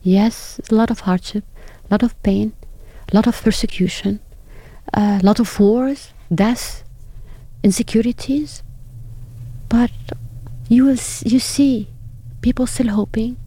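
A woman's voice: on the high side, warm tone, no echo. A woman guest telling earnest stories in an interview, often acting out other people's words in livelier voices. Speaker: guest, ministry broadcaster. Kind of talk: interview storytelling.

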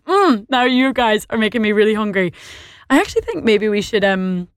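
A woman's voice: mid-range voice, sing-song, brisk, dry recording, studio quality. A woman with an Irish accent presenting a radio show, chatty and bubbly as she reads out listener messages. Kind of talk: lively radio chat. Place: radio studio. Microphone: studio microphone.

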